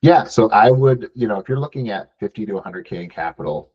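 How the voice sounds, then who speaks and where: A man's voice: on the low side, lively intonation, brisk, slightly rough, muffled recording. A man from Michigan answering interview questions casually, often adding "right?" and restarting phrases. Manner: frequent "um" and "right?" tags, restarts. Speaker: business buyer guest.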